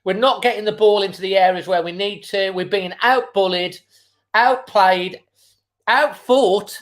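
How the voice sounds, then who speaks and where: A man's voice: high-pitched, unhurried, a bit bright. A man hosting a live football watchalong, giving frustrated running commentary with exasperated outbursts. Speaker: football fan channel host. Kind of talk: live match watchalong reaction.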